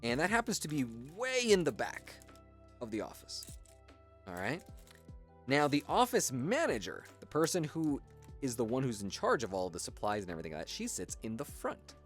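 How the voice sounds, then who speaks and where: Pitch swoops wildly around a medium range as this US streamer talks at a moderate pace over soft background music. Building on a livestream, they tell a meandering, profane story laced with fillers.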